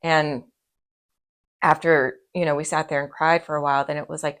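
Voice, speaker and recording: A middle-aged woman hosts an intimate conversation, her voice sitting low for a woman. She speaks expressively and with empathy, slipping into little acted-out quotes as she tells a story. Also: flat delivery, moderate pace. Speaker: host. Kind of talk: casual conversation about grief.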